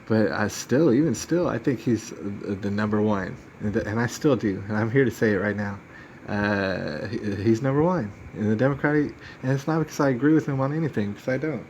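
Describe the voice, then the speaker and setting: A man's voice: fairly low pitch, brisk, a little mellow, a little hiss or hum. Man ranting casually on a live stream. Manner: rambling, emphatic, acts out other people's lines. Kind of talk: casual storytelling rant.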